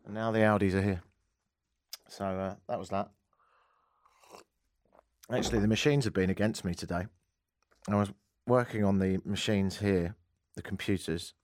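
A man's voice: sits low, moderate pace, long pauses. A man hosting a talk radio show, telling comic stories and acting out the people in them. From England. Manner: animated, acts out voices in his anecdotes.

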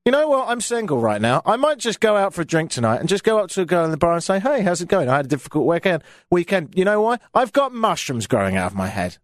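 Animated British man telling a story. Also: high-pitched, fast talker, hardly any pauses, dry recording, clean studio sound. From Britain. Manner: self-mocking, animated storytelling. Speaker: radio show host. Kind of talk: comic storytelling monologue.

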